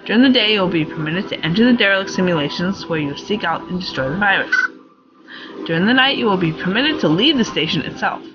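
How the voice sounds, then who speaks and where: A woman in her forties reading aloud the lines of a formal station computer guiding a robot, in a measured, instructive way. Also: mid-range voice, animated, lo-fi sound, close to an everyday voice. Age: 40s. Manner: reads game text aloud, measured and instructive. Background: loud game music.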